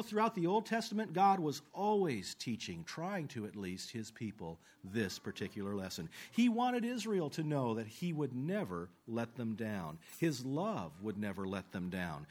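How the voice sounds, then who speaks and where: A man preaching a sermon, earnest, slowing down for scripture and falling low at the ends of phrases. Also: big pitch swings. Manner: slows down for quoted scripture.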